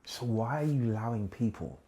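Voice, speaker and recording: A man leads a Bible study in a lively, conversational teaching voice. He swings from hushed, slow lines to loud bursts and drops into laughing asides. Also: medium pitch.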